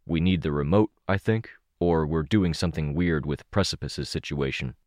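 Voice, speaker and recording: A man's voice: a bass voice, moderate pace, darkish tone, no echo, studio quality. A man voicing an earnest young male teammate in an audiobook, speaking plainly and matter-of-factly.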